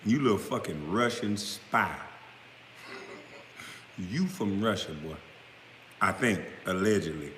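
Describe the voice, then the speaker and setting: A man delivering a blunt, profane, confrontational rant straight to camera, now and then breaking into loud outbursts. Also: lowish voice. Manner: smoking hookah while talking. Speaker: vlogger responding to critics. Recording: roomy echo with long reverb, faint background noise.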